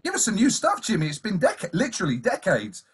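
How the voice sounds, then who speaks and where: A man's voice: high-pitched, wildly swooping pitch, quick pace, slightly rough. A man hosting a radio interview, chatty and telling stories while laughing along with his guest. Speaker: radio host.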